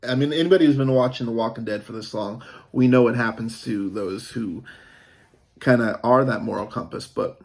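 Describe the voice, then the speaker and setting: A man's voice: medium pitch, a little fast. A man giving a casual, rambling review of a TV episode, with many fillers and restarts.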